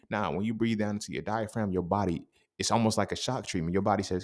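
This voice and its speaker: A young adult man hosting a podcast, talking in a casual, animated monologue full of profanity and street slang. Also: fairly low pitch, fast talker. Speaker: podcast host.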